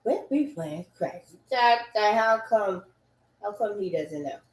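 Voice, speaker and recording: A woman ranting in a loud, profane, repetitive way, swinging between loud bursts and low mutters. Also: lively intonation, measured pace. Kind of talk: animated rant. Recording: echoey room.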